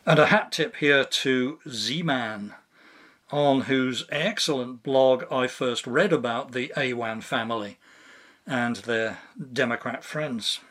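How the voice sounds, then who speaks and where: A man's voice: medium pitch, takes it slowly, fairly bright tone. A man reading a scripted commentary monologue in a dry, sardonic manner. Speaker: podcast commentator.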